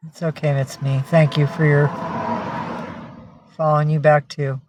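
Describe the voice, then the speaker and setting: A woman's voice: low-pitched, little pitch movement, a little slow, noisy background. A middle-aged woman hosting a casual livestream, who chats, reads out viewer names and coos at her pets. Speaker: livestream host.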